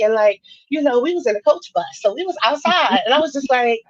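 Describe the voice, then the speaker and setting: A woman's voice: on the high side, animated, brisk, hardly any pauses, no room sound, highs cut off. A woman guest on a talk show, speaking passionately and informally, with many fillers like "like". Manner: passionate, informal, says "like" often. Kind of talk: casual interview talk.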